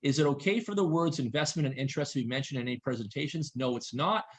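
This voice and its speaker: A man presenting on a video call, reading questions aloud and answering them briskly, repeating his warnings insistently. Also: medium pitch.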